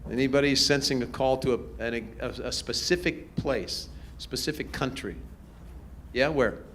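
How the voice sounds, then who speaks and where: A man, a pastor, answering audience questions in a relaxed, storytelling way, chuckling as he goes. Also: mid-range voice, normal speed, a little hiss or hum. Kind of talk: casual Q&A talk to a youth group. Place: church event hall with a live audience.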